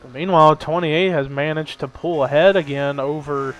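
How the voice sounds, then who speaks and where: A young man giving amateur play-by-play commentary on a simulated race, steady and given to hedging. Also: fairly high pitch, normal speed, slight background noise, low-quality recording. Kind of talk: amateur sim-racing commentary.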